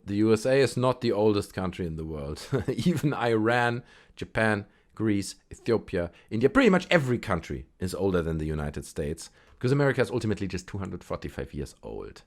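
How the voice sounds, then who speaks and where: A man's voice: on the low side, big pitch swings, fairly quick. A man hosting a channel, reading online posts aloud and giving amused, chatty commentary between frequent laughs. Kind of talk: casual comedic commentary.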